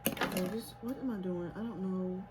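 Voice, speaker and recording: A woman's voice: on the low side, steady tone, normal speed, heavy background noise. A woman chatting nervously to herself and her viewers in a casual home vlog. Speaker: beauty vlogger. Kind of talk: casual self-talk vlog. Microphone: camera set up nearby.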